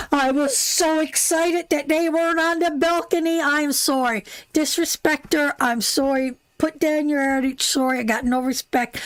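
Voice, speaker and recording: Chatty high-voiced woman, tarot live host. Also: dry recording. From Canada. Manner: chatty and rambling, calls viewers darling and sweetheart. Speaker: tarot reader hosting a live stream. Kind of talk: casual live-stream chat.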